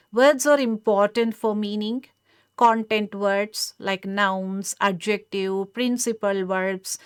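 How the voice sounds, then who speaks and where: A woman lecturer giving a measured, explanatory lesson on English pronunciation. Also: medium pitch, clear, resonant tone, dry recording, clean studio sound. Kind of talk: scripted lecture.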